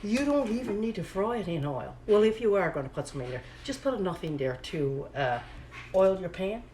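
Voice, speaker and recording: A woman chatting casually as she cooks in her home kitchen, repeating her phrases and talking to herself in a slightly hushed voice. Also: animated, normal speed, slight background noise, rough recording. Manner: talking a little low and hushed. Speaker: home cooking vlogger. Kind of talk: casual cooking chat to camera. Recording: home kitchen recording, audible pan sizzle. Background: frying pan sizzling.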